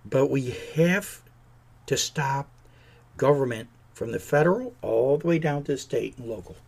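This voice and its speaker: A man's voice: medium pitch, lively intonation, a little slow, vocal fry, a little mellow, slightly rough. A man hosting a podcast, giving an indignant, sarcastic political rant. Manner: indignant, sarcastic, mocks politicians in put-on voices. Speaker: podcast host.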